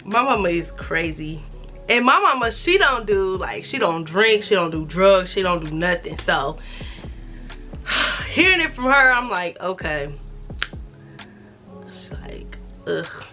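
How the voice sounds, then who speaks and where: Bright-voiced woman telling a profane story. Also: mid-range voice, unhurried, soft background music. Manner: animated, profane, acts out quoted dialogue. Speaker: vlogger. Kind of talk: casual story time.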